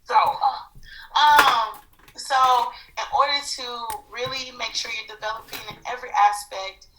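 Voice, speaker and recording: A woman co-hosting a podcast in casual chat, giving halting, thoughtful advice. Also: on the high side, fairly even intonation, bright, forceful tone, a little hiss or hum. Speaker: podcast co-host. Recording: echoey room.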